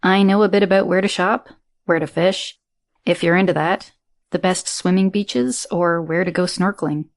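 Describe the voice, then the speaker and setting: Brief: female narrator doing a keen, chatty guy, lower register, audiobook. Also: fairly even intonation, moderate pace, close to an everyday voice. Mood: eager. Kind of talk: audiobook character reading.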